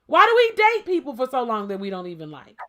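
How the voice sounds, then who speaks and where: Female podcast co-host, high bright voice, emphatic, playful, rhetorical. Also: huge pitch swings, fast. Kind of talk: casual debate chat.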